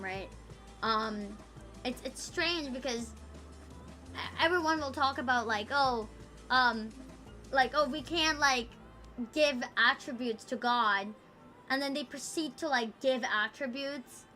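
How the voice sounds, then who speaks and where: A woman's voice: on the high side, pushed and bright. A woman livestreaming, chatting casually with her viewers in a rambling, profane, playful way that teases her chat.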